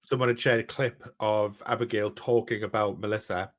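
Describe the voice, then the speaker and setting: A man's voice: on the low side, steady tone, normal speed. A man co-hosting a horror podcast, chatting bluntly and laughing often. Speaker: podcast co-host. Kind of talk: casual chat.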